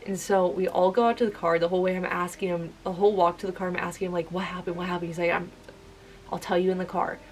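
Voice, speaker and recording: A woman's voice: on the low side, fairly even intonation, quick pace, a little hiss or hum, poor audio. A young woman telling a spooky personal story to camera in a chatty, casual way, full of "like.". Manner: chatty, filler-heavy telling with many "like"s. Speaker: vlogger.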